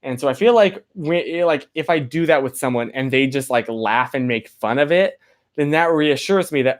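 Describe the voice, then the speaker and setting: A young man hosts a casual livestream, speaking at normal speed in a mid-range voice. He rambles apologetically to viewers with plenty of filler words, playfully reading chat names aloud.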